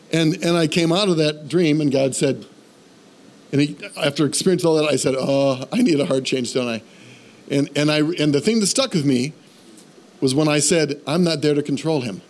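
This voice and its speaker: A man preaching a sermon, telling a humorous personal story and building to a fervent call to faith. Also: a little high. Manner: animated storytelling, self-deprecating humor; rises to fervent exhortation.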